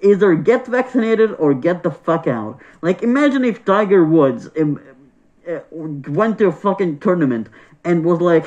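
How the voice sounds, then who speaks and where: A man's voice: high voice, lively intonation, normal speed, a little mellow. A man vlogging a casual opinion rant, exasperated and profane, repeating himself as he talks. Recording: dull lo-fi sound.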